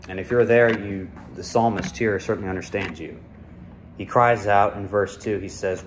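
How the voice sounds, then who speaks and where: Against background noise, a man with a fairly low voice leads a small-group Bible lesson in an informal teaching style. He speaks earnestly and unhurriedly, with fillers and restarts.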